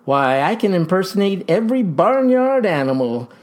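An actor playing a folksy farmer pitching a tonic in a comic ad, with verbose, showman's patter. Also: big pitch swings, normal speed. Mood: boastful pitch. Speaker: pitchman in a mock radio ad. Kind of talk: comic radio ad acting.

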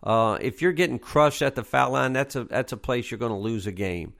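Middle-aged coach guy, gravelly voice, chatty, hammers his points home with lots of uh's. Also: medium pitch, expressive, fairly quick, a bit bright. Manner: conversational, repeats key points with emphasis, frequent fillers. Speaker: basketball coach, podcast host. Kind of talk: casual coaching tips monologue.

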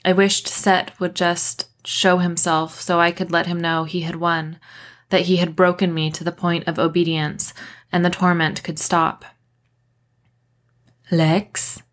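A woman author reading her own novel aloud in a measured first-person narration. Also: lowish voice, little pitch movement, fairly bright tone. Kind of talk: audiobook narration.

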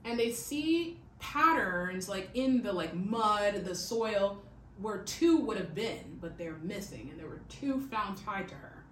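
A podcast host talks through a crime story in a chatty, conversational way, often checking in with "okay?". Her voice sits at an ordinary middle pitch. The room is echoey, she is some way from the mic, and a faint hiss runs underneath. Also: lively intonation, slow pace, fairly bright tone, far from the mic. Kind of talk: casual true-crime storytelling.

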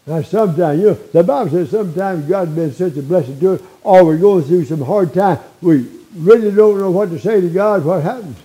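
A man's voice: high-pitched, brisk, few pauses, dark tone, rough recording. A man in his eighties preaching a sermon in a folksy way, often checking in with "all right?" and chuckling between lines. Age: 80s. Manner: folksy, frequent tag questions like "all right?".

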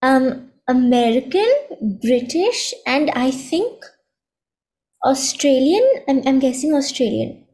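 A woman's voice: high voice, lively intonation, takes it slowly, darkish tone. A thirteen-year-old girl answering podcast questions thoughtfully, with some hesitation. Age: teens. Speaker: guest. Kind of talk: casual chat.

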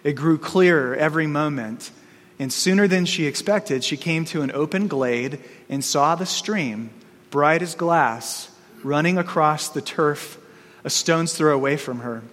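A man's voice: on the high side, fairly bright tone. A male pastor preaching a sermon and reading a story aloud, speaking in an earnest, storytelling manner. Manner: slow, earnest storytelling with small restarts. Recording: long reverb in a large hall.

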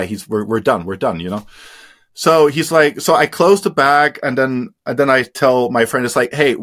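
A man's voice: mid-range voice, fairly bright tone. A man telling his story as an interview guest, candid and casual, swearing freely and often trailing into fillers.

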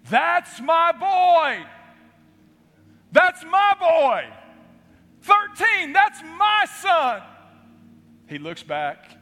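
A man's voice: medium pitch, a bit bright. A man preaching a sermon as pastor, telling the story with dramatic pacing, in a church sanctuary. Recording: reverberant hall with faint music.

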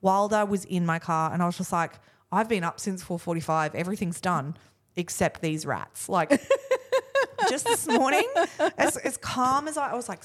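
A woman in her thirties talks through a casual podcast chat. She mocks herself and acts out quotes of what people said. Her pitch sits mid-range. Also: very animated, normal speed. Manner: chatty, self-mocking, acts out quotes. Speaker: podcast co-host.

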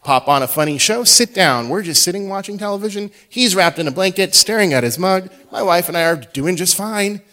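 A middle-aged man preaching a sermon as a pastor, telling a story and swinging between hushed and loud delivery. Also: sits high, animated, a little fast, few pauses.

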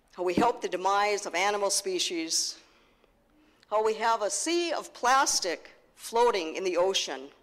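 Woman pastor, unhurried sermon delivery, emphatic repetition, echoing sanctuary sound. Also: medium pitch. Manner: slow, earnest preaching with emphatic repetition. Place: church sanctuary. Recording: long reverb of a church hall.

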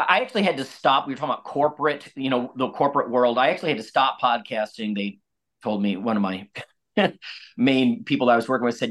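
A man talking as the guest on a podcast in a voice of middling pitch. He rambles loosely and drops slangy asides. He sounds like an expert talking shop over coffee. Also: fairly bright tone. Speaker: guest expert on nutrition and exercise. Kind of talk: casual podcast conversation.

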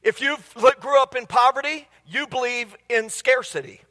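High-voiced, bright preacher in a reverberant hall. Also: male voice, normal speed. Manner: humorous storytelling, quizzing the congregation. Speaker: pastor. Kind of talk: sermon. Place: church sanctuary. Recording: long reverb of a large hall.

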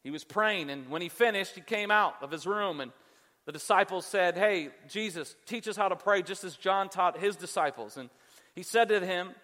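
A man preaching a sermon as pastor, animated and acting out voices in the story. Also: high voice, moderate pace, long reverb tail.

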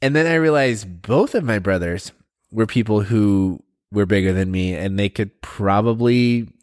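A man in his thirties co-hosting a podcast, chatting casually and easily with quick asides. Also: on the low side, smooth. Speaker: podcast co-host. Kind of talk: casual chat.

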